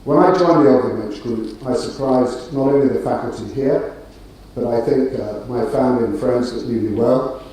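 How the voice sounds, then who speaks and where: A man's voice: medium pitch, normal speed, few pauses, dark tone, slight background noise. A middle-aged man giving a graduation speech with dry, self-deprecating humor and hesitant fillers. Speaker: graduation speaker. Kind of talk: ceremonial speech. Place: large auditorium. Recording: roomy hall, distant mic, faint ambience.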